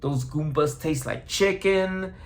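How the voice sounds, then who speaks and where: A man voicing a friendly male dinosaur sidekick from a game, in a softer, higher voice with a New York twang. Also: slow pace. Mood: playful.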